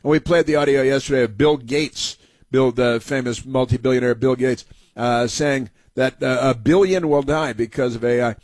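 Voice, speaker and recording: A man's voice: medium pitch, steady tone, moderate pace, darkish tone, dry recording. A man hosting a talk show, giving combative, rambling political commentary with frequent fillers.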